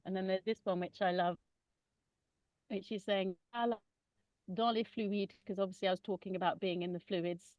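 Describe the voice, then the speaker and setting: A woman gently describing her children's massage work, pausing often with ums. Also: fairly low pitch, no room sound, muffled recording. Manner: gentle, hesitant with many ums. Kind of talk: casual conversational sharing.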